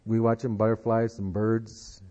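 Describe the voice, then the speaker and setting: A man voicing a calm school principal telling a slow, deliberate story. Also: fairly low pitch, lightly acted. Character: calm older male principal spinning a yarn. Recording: dull lo-fi tape.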